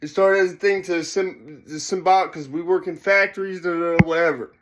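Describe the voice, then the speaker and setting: A man ranting casually to his viewers, with slurred, loose speech that gets loud when he's worked up, often asking if you follow. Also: high voice, steady tone, a little fast, noisy background. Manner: profane and conversational, keeps asking if you follow. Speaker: vlogger. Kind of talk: casual rant to camera.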